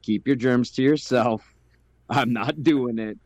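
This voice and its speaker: A man's voice: medium pitch, takes it slowly, darkish tone, no echo, lo-fi sound. A man co-hosting a podcast in casual chat, easygoing with frequent hesitant fillers. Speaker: podcast co-host.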